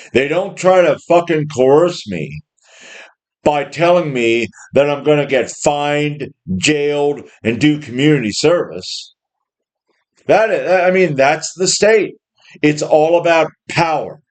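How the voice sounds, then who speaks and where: A man in his fifties giving a blunt, profane opinion monologue, often restarting his sentences and mocking others in put-on quotes. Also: a little high. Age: 50s. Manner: restarts and repeats words often. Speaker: home gym channel host.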